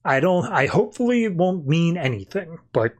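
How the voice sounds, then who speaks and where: A man's voice: a little high, very animated, normal speed. A man hosting a podcast, recapping a comic book in a rambling, informal way with many fillers. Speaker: podcast host.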